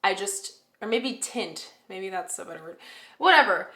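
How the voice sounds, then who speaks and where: A woman with a bright, sharp voice talks through a tarot reading in a loose, chatty way, hedging and correcting herself as she goes. She sounds like she is in an echoey room at home. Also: medium pitch, expressive, normal speed. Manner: chatty, rambling, self-correcting, with fillers. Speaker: tarot reader. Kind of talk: casual spoken tarot reading to camera. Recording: roomy echo.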